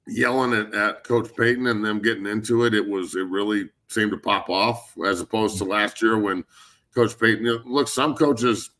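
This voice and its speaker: A man who is a former football player, hosting a casual sports talk show and speaking in a blunt, animated way with heavy swearing. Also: lowish voice.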